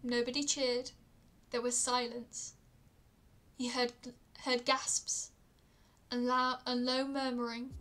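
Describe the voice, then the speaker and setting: A woman reading myths aloud on a stream, calm, with small stumbles and restarts. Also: on the high side, takes it slowly, long pauses, faint music behind. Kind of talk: storytelling read-aloud.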